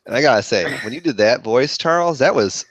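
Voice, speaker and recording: A male podcast co-host of middle pitch who chats loosely and laughs often. His voice comes through dry and close, with no room sound. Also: animated, fairly quick, dry recording. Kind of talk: casual chat. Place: home studio.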